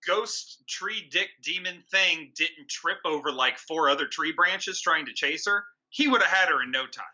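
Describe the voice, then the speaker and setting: A man's voice: a little high, moderate pace, pushed and bright, lo-fi sound. A man co-hosting a comedy movie review podcast, sarcastic and incredulous as he mocks the film. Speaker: co-host of a movie review show.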